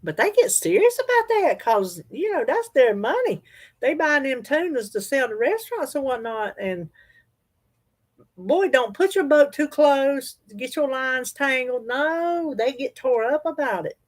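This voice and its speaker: A woman's voice: sits high, sing-song, unhurried. A Southern woman hosting a livestream, chatting casually in a folksy, easygoing way and talking back to viewer comments. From North Carolina, US. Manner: folksy, chatty, laughs easily. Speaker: livestream host.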